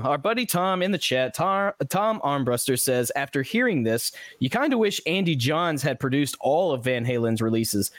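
A man's voice: on the high side, dry recording. A man hosting a podcast, chatting casually and reading out listener comments with frequent laughs and fillers. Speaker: podcast host.

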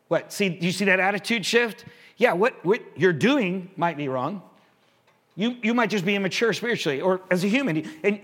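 A pastor preaches a sermon in an animated, conversational style, putting rhetorical questions to the congregation. His voice is high-pitched.

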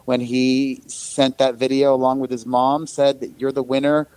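A man's voice: medium pitch, little pitch movement, normal speed, darkish tone, clean tone, no echo, low-quality recording. A man speaking as a podcast guest in casual, earnest chat.

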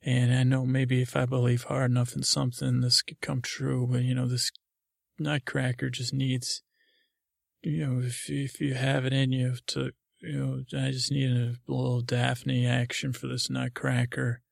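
A man hosting a podcast, rambling through a dreamlike story in halting, filler-heavy speech. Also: mid-range voice, completely flat delivery, gravelly, dry recording, studio quality. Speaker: podcast host.

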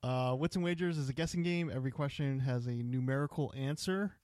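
A man's voice: mid-range voice, a little fast, darkish tone, dry recording, studio quality. A man co-hosting a podcast, casually explaining game rules and reading quiz questions aloud. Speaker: podcast co-host running the game. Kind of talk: casual chat.

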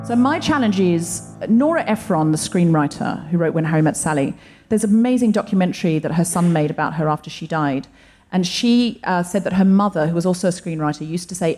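A woman comedian talking to a live audience on stage in a thoughtful, measured way. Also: fairly low pitch, lively intonation, dark tone, soft background music. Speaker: comedian, co-host.

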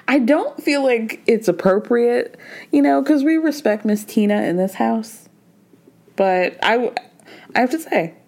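A woman hosting a podcast, recapping a reality show in casual, gossipy chat and slipping into quoted voices. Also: mid-range voice. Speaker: podcast host.

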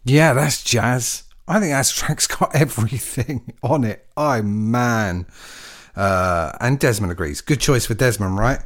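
A man's voice: mid-range voice, a little slow. A man hosting a radio show, chatting casually and rambling between tracks with chuckling asides. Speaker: radio DJ host.

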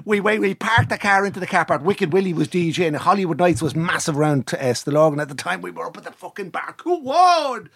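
Guy spinning a pub story, husky voice, goes all over the place pitch-wise, dead dry sound. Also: sing-song, fast talker, hardly any pauses, no room sound. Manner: swears freely, acts out quotes, swings from low mutters to loud shouts. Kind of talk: animated anecdote in casual chat.

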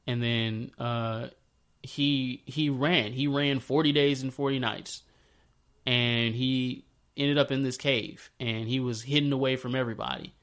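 A man talking in a loose, slangy way as he retells an old story and ties it to his own life. His voice sits at an ordinary middle pitch, and his delivery turns lively when he acts out the scenes. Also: unhurried, clear, resonant tone. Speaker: speaker sharing a faith story. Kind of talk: casual spoken reflection.

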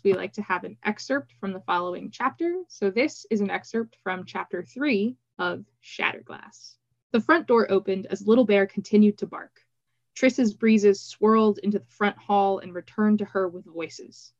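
A woman podcast host reading a novel excerpt aloud in a steady, even voice. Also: mid-range voice, moderate pace, no room sound. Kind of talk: book reading. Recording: slightly dull, dry recording.

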